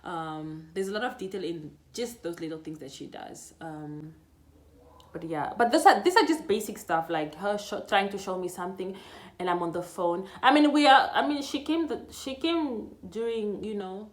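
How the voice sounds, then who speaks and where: A young Namibian woman telling a story in a casual vlog, chatty and animated, laughing, full of restarts. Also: mid-range voice, normal speed. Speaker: vlogger.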